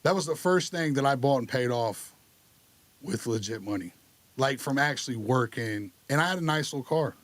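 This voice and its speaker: A man's voice: mid-range voice, normal speed. A man telling his recovery story on a podcast in a candid, casual way. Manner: candid, lively retelling with acted dialogue.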